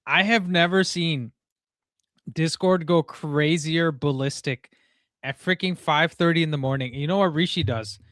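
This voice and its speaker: A young man hosts a live football stream, loose and animated, dropping "bro" and "like" as he goes. He sounds worn out from too little sleep. His voice sits a little high and comes across dry and close, with no room around it. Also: dry recording. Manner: animated, talks fast, says "bro" and "like" a lot. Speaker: host of a live call-in football show. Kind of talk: casual live-stream chat.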